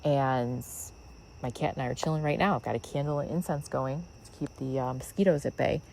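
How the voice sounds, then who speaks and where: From her backyard, a podcast host with a very deep, low voice offers a reflective spiritual monologue, musing and rambling with many fillers. She talks a little fast, with vocal fry and a mellow tone. The outdoor audio is poor, with a faint hiss underneath.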